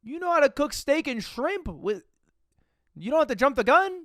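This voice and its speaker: A man streaming live and reacting to a video with animated, profane, mocking commentary. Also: very high voice, normal speed, no echo, studio quality.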